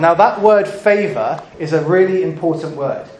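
A man's voice: a little high, expressive, moderate pace, hardly any pauses, crowd noise. A man giving an interactive children's talk in church, playful and coaxing the congregation to join in. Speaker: preacher. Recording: echoey church room.

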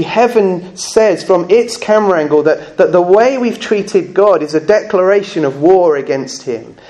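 A man preaching a sermon at a church service, earnest and conversational, with slow emphatic phrases and touches of humour. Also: sits high, a little mellow.

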